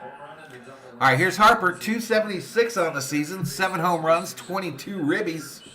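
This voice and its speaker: A man hosting a live fan watch party, calling pitches with excitement and reading viewer comments aloud between plays. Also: a little slow. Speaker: sports fan streamer and watch-party host.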